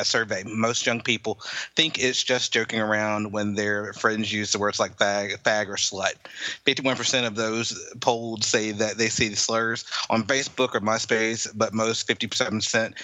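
A man's voice: on the low side, sharp tone, no room sound, poor audio. A man co-hosting a comedy podcast, reading a news story aloud with frequent fillers, then chatting casually. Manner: reads with many fillers. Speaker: podcast co-host.

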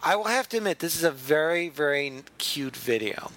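A man's voice: on the high side, lively intonation, normal speed, a bit bright. A man hosting a casual comedy podcast, reading listener mail aloud and laughing often. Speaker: podcast host.

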